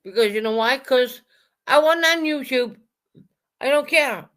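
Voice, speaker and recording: A woman whose fairly bright voice sits high speaks a little slowly while raging on her livestream. The rant is full of swearing and repetition, and she addresses chat viewers by name.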